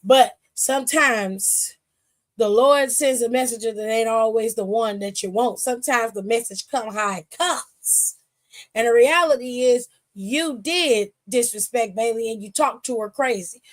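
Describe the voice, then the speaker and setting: A woman with a high, bright-sitting voice talks through a wrestling recap on a stream. She is blunt and sassy, swears freely and fires heated asides at the people she discusses. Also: a little slow. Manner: blunt and profane, retells scenes by acting out both sides. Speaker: wrestling aftershow host. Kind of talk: casual recap commentary. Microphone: streaming setup.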